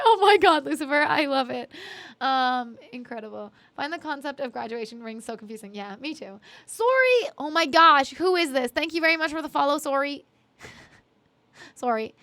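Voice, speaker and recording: A young Canadian woman, a streamer and singer-songwriter, chats casually with viewers on her live stream in a high, slightly bright voice. She's giggly and apologetic, with lots of fillers.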